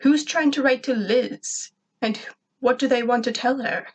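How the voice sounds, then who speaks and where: Alien invader, male, furious and bossy, shrill bursts, put on by a woman reader. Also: measured pace. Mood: irritable. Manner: screams and snaps in anger.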